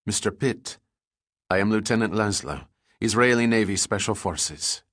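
A man voicing a stern male commando officer with a crisp, clipped Hebrew accent, speaking slowly and with command. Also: on the low side, fairly bright tone, no room sound, studio quality.

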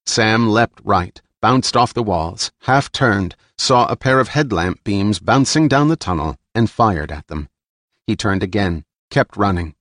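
A man reading an action novel aloud in steady, measured scripted narration. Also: lowish voice, no room sound, studio quality. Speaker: audiobook narrator.

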